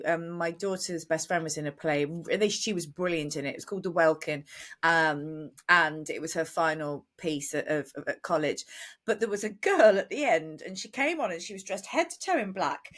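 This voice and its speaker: A woman's voice: lowish voice, animated, fairly bright tone. Chatty woman podcast co-host in her forties. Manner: chatty, emphatic, quick to laugh. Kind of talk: casual chat.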